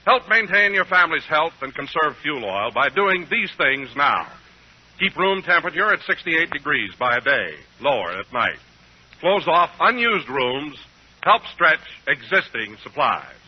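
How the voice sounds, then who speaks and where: A man's voice: a little high, very animated, measured pace, breathy edge. A man announcing on a 1940s radio broadcast, earnest and formal. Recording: muffled old radio broadcast.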